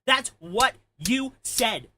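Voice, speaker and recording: Man, angry ranting commentary, profane, heated, sharp forceful tone, dry close sound. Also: extremely high pitch, animated, extremely slow, no echo. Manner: heated, profane, shouting at times. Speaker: commentary streamer.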